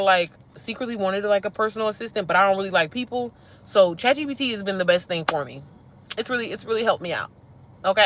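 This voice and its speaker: A woman hosting a casual livestream, animated and slangy, talking straight to her viewers. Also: medium pitch. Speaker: livestream host.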